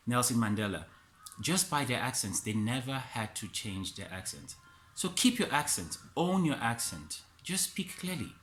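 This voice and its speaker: An earnest man from West Africa speaks as a Toastmaster in a motivational talk, hammering home his key phrases. His voice is bright and forward, with the roomy echo of a hard-walled room. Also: medium pitch, a little hiss or hum. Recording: echoey room.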